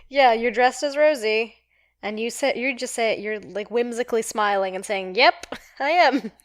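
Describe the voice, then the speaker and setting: A woman's voice: fairly high pitch, unhurried, dry recording. Woman, podcast co-host, casual chat, laughs easily, dry sound. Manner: laughs easily, relaxed and friendly.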